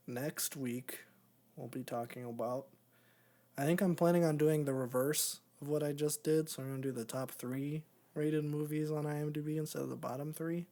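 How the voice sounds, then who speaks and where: A man's voice: a little high, mellow. A man co-hosting a podcast, rambling and joking in casual chat. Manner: rambling, joking, laughs often. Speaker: podcast co-host.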